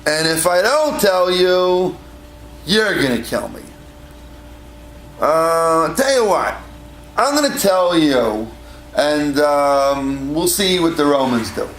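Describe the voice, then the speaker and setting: A man's voice: on the high side, big pitch swings, slow pace, a bit bright, a little hiss or hum, exaggerated voice. A man voicing a sly male Samaritan informer who bargains in a wheedling tone, in an echoey hall. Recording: echoey hall with faint ambience.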